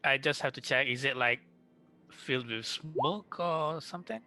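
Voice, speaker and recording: A man in a tabletop game asking hesitant questions. His voice is bright and mid-pitched, with faint music behind him. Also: moderate pace. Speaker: player. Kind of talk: casual tabletop role-play.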